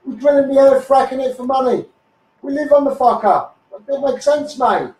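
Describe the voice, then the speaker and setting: A man with a Liverpool accent, hoarse, ranting combatively on a live stream and calling viewers mate. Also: extremely high pitch, normal speed, a little mellow. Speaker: activist livestreamer. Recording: echoey, mic held at a distance.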